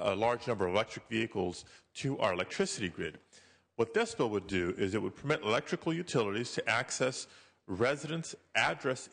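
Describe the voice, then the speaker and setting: A man giving a floor speech as a senator, measured and full of uh fillers. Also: fairly low pitch, a bit bright. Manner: frequent uh fillers, measured delivery. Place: legislative chamber. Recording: long reverb of a large chamber.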